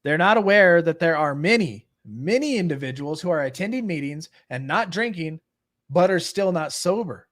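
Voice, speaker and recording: Middle-aged man, earnest plain talk, recovery-meeting host, reads aloud then comments, casual live-stream chat, slightly high voice. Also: fairly bright tone.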